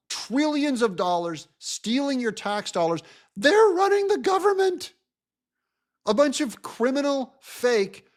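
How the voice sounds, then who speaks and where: A man hosting a show, giving an animated, mocking political commentary rant. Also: high voice. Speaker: host.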